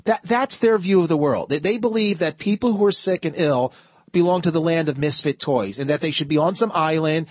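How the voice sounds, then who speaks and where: Talk radio host, man, slightly high voice, stammering, dry close sound, muffled broadcast. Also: dry recording. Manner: stammering, repeats words while building arguments.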